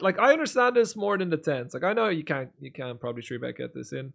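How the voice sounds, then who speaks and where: A male poker streamer giving casual live commentary on replays. He reads out viewers' comments and swings between low mutters and loud, excited outbursts. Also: fast, creaky, hardly any pauses.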